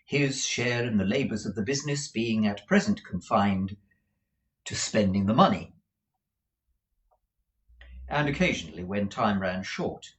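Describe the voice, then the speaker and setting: A man reading a classic novel aloud with measured, expressive storytelling. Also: fairly low pitch. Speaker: reader.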